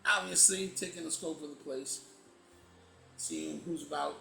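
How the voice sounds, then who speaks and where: Gravelly player guy, jumpy pitch, joking around, roomy echo on his mic. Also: a little slow, sharp tone, soft background music. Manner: joking, swears. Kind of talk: casual tabletop play.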